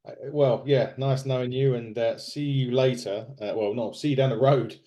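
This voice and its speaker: A podcast co-host recaps wrestling in casual chat, his mid-range voice mellow and fairly even in intonation at a moderate pace. He rambles, full of fillers and restarts.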